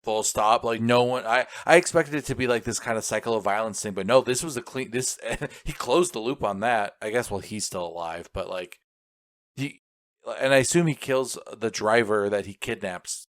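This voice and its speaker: A man's voice: fairly low pitch, normal speed, no echo, studio quality. A man co-hosting a podcast, thinking aloud with a hesitant manner as he discusses a film. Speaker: podcast co-host. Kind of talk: casual film review chat.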